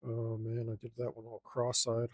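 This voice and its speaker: A man's voice: mid-range voice, completely flat delivery, normal speed, no room sound. A young man inking a drawing, casually muttering and criticizing his own lines as he works. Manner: self-critical, mutters to himself while drawing. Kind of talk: casual work-along commentary.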